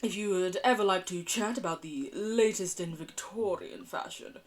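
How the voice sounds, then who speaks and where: A woman putting on a posh, gloomy Victorian gentleman. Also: mid-range voice, normal speed, natural voice. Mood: stately. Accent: posh English. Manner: formal, stately, gloomy courtesy. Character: posh Victorian-style gothic gentleman dad.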